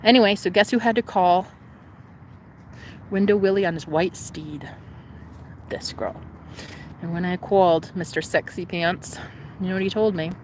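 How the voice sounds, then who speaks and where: A young woman vlogger telling a personal story in an animated, profane, casual way, jumping between voices. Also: lowish voice, normal speed, long pauses, a little hiss or hum.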